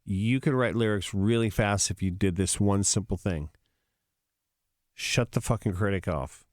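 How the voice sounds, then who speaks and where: Speaking at a measured pace with a fairly low voice, a man appears as a rock musician guest on a podcast, recorded in studio quality with no echo. He spins stories casually and animatedly, performing sounds and quotes as he goes.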